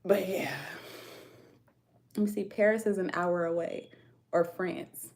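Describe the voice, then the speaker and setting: A woman's voice: on the low side, fairly even intonation, measured pace, a little mellow. An American woman hosting a casual tarot livestream from home, chatting with viewers in loose slangy talk and laughing often. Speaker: tarot reader livestream host.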